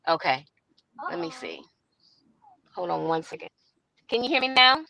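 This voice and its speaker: A woman's voice: fairly low pitch, big pitch swings, normal speed, creaky, pushed and bright, dry recording, poor audio. A woman talking as a guest on a remote call, chatty and apologetic, calling others "love" and "sweetheart.". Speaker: guest, credit repair company co-founder. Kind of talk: casual chat on a remote call. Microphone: remote call microphone.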